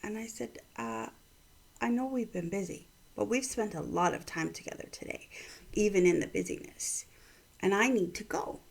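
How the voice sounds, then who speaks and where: A middle-aged woman and mother telling a personal story and offering gentle encouragement, often dropping into soft whispers. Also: medium pitch, moderate pace, vocal fry, breathy edge. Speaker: vlog host giving encouragement.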